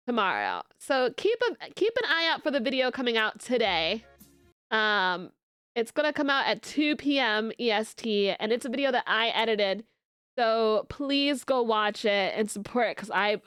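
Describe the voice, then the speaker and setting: A woman's voice: fairly high pitch, a bit bright, smooth, dry recording, studio quality. A woman streamer chatting casually with her viewers, rambling and restarting her sentences. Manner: rambling, many fillers and restarts.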